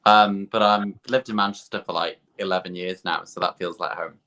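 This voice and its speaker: A man from the English Midlands with a bright, slightly low voice talks over a video call. He rambles along casually, often restarting his sentences. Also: fairly even intonation, normal speed. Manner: chatty, rambling, full of restarts. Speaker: co-host.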